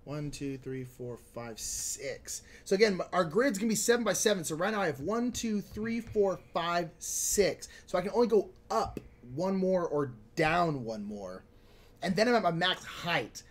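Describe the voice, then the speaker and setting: Man, board game stream co-host, casual chat, reads out comments, explains rules, high voice, very animated intonation. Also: normal speed. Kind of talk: casual live-stream chat while playing.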